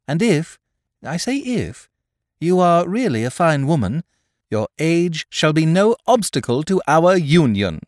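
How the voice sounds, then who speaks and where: Guy doing a stiff polite young gent, naive, pitch swings a lot, dry close sound. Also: very animated, measured pace, no echo. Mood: prim. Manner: formal, precise, stiffly polite. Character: earnest young man of twenty-one, prim and naive.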